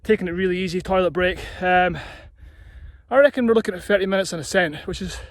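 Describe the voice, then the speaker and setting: A man's voice: high voice, fast, no echo. Breathless man hiking uphill. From Scotland. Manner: chatty, breathy from climbing, marvels at the view. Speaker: running vlogger. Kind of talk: casual vlog while hiking. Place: steep hillside outdoors.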